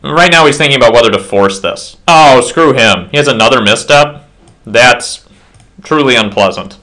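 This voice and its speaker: A man's voice: mid-range voice, normal speed, bright, forceful tone. A slightly tipsy man casually commentating his own card game match at home, rambling with self-deprecating asides.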